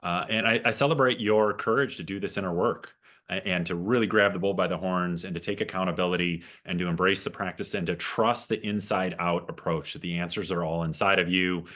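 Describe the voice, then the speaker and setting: Deep-voiced male life coach, affirming. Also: steady tone, brisk, a bit bright. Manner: affirming, wordy, upbeat coaching talk. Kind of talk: interviewing a client.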